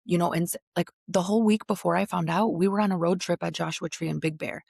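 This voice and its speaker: A woman in her thirties telling a story in casual chat, animated, blunt and profane, acting out what others said. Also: on the low side, fast, gravelly, few pauses, husky, no room sound, studio quality. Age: 30s.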